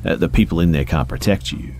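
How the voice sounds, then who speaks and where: A man's voice: extremely low pitch, quick pace, a little mellow, slight background noise. A man voicing a menacing male stalker who taunts and threatens while reading a scary story.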